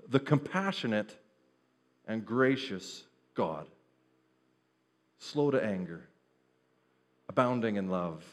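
Man preaching an earnest sermon. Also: on the low side. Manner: earnest preaching with shifting pace and emphasis. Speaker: pastor.

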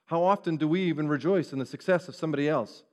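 A man preaching a sermon, animated and acting out the voices of the people he quotes. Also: fairly high pitch, fast. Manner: animated, acts out quoted speech. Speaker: pastor. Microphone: referring to a screen, preaching to a congregation.

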